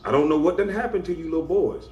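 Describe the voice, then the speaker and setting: A man's voice: fairly high pitch, fast, a little mellow, highs cut off, faint music behind. A man giving a confrontational, scolding rant to camera as a YouTuber, stressing his points with emphasis. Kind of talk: ranting monologue to camera. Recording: echoey room with faint background hum.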